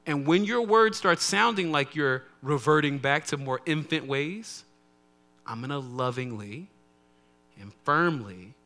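A male pastor delivers a sermon in a conversational, preaching style. His voice is bright and forceful, sitting a little high for a man. He moves between soft, low asides and loud, emphatic lines.

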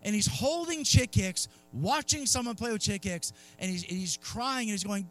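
A man's voice: high-pitched, moderate pace, hardly any pauses. A man in his thirties preaching a sermon in a conversational, earnest way, acting out voices in his stories. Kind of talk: sermon with personal story. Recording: faint music underneath. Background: soft instrumental music.

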